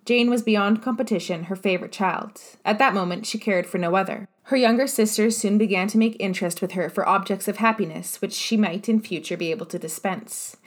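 A woman reading a classic novel aloud as an audiobook narrator, even and measured. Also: medium pitch.

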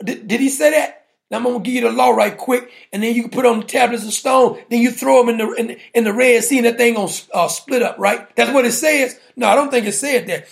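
High, gravelly-voiced male preacher. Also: fairly quick. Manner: fires rhetorical questions, jokes and laughs with the congregation; colloquial, playful preaching. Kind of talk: sermon.

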